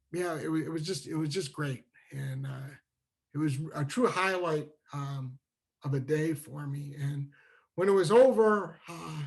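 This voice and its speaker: A man from New Hampshire telling a childhood story at a virtual storytelling show, animated and full of restarts, acting out the dialogue. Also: on the high side. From New Hampshire, USA. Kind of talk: live storytelling over a video call. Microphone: video call microphone.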